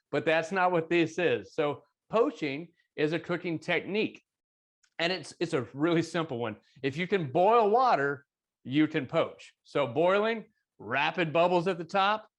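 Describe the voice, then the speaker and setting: Man, Arkansas accent, cooking teacher, folksy jokes, slightly high voice. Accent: Arkansas Southern. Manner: folksy and joking, friendly asides. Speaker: chef and cooking instructor. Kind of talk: casual cooking lesson.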